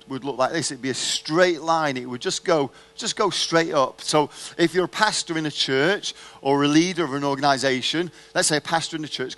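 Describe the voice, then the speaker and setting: A man's voice: fairly high pitch, a bit bright. A man preaching a sermon, telling a personal story and asking the audience rhetorical questions in a conversational way.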